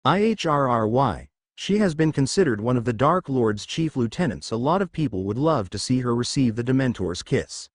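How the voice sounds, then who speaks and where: A man's voice: mid-range voice, animated, moderate pace, hardly any pauses, dry recording, studio quality, lightly acted. A man voicing Narcissa, a prim, caring, refined witch, in a storybook reading. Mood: sober.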